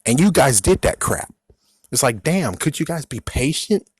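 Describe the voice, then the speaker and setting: A young man ranting casually in a vlog, exasperated, swinging from loud outbursts to muttered asides. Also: medium pitch, animated, normal speed, slightly rough, no room sound. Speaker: video creator.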